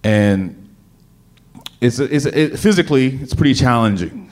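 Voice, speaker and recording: A man telling a personal story to an audience, animated and dramatic, often repeating words as he restarts. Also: medium pitch, unhurried.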